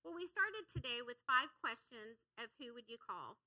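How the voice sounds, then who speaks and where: A middle-aged woman pastor delivers a sermon from a church sanctuary. Her voice sits high and rings very bright. She talks with energy and keeps drawing the congregation into call-and-response. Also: big pitch swings, normal speed, rough recording.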